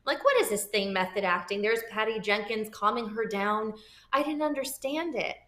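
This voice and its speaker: A woman in her thirties from Florida, an actor telling animated stories as an interview guest and acting out the people she quotes. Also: fairly high pitch, moderate pace. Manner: lively, expressive, acts out quoted people. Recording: roomy echo.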